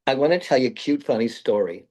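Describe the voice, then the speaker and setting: A man's voice: mid-range voice, animated, fast, a little mellow. Rambling storyteller man from Brooklyn. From Brooklyn, New York. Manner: rambling anecdotal storyteller who laughs at his own stories. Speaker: guest. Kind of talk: interview conversation.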